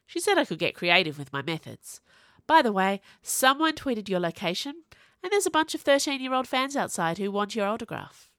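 A woman, voicing a deadpan, trolling young male goth waiter in a storybook reading. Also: mid-range voice, normal speed, no echo, clean studio sound. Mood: teasing.

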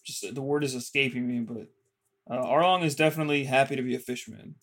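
A man in a relaxed podcast recap, talking at an ordinary middle pitch. He rambles through the story with lots of "like" and "you know," tossing off quick paraphrased lines as he goes. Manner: loose storytelling with many fillers and quick paraphrased quotes. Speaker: podcast co-host. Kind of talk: casual episode recap.

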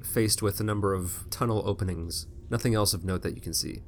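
A man's voice: sits low, a little fast, slight background noise. A man narrating as game master of a tabletop game, describing scenes in an easygoing way with joking asides.

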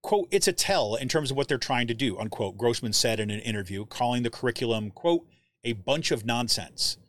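A man's voice: mid-range voice, fairly quick. A man hosting a live commentary show, reading quotes aloud and keeping them going with frequent rhetorical questions. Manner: animated, keeps asking "right?", reads quotes aloud; searches through documents while talking, trails off.

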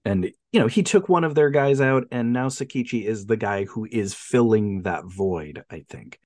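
Recorded dry with clean studio quality, a man with a fairly low pitch talks at a moderate pace. He's co-hosting a relaxed film podcast, frequently chuckling as he recounts scenes and delivers quoted lines animatedly.

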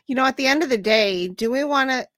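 Woman host, bright and higher-pitched, agreeable, dry close sound. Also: fast talker, dry recording. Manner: frequent agreeing backchannels. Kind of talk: conversational interview.

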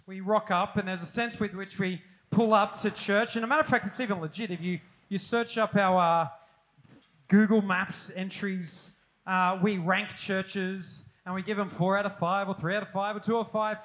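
A middle-aged man preaching a sermon, animated and self-deprecating with humorous asides. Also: high voice, normal speed, rough recording. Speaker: pastor.

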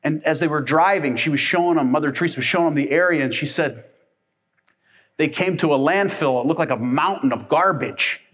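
A man preaching a sermon to a congregation, telling lively everyday stories and acting out the people in them. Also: fairly high pitch, brisk. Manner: animated storytelling, acting out family members. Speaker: pastor.

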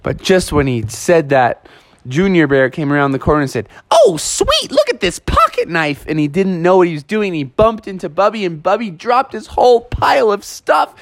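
A man telling a playful children's story with animated, lively narration. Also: high-pitched, fairly quick, dry recording.

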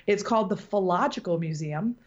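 A woman's voice: medium pitch, fast, a little mellow. Rambling, chuckling woman on a dull mic. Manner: rambling, laughing storyteller. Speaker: podcast host. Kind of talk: casual chat.

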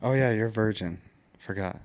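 A man's voice: lowish voice, brisk, darkish tone, dry recording. A man co-hosting a podcast, trading crude jokes with a friend, laughing and swearing often. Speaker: podcast co-host. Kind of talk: crude casual banter.

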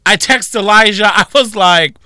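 Man, radio co-host, animated storyteller, bright voice, dry close sound. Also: high voice, moderate pace, clear, resonant tone, no room sound. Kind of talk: casual morning radio chat.

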